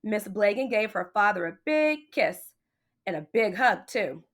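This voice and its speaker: A woman reading a picture book aloud in an expressive, playful way. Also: medium pitch, measured pace. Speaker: storybook reader.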